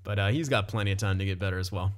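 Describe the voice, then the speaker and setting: A man's voice: on the low side, very fast. Casual young guy narrating hockey gameplay. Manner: chatty, laughs often, swears casually. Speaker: gaming commentator.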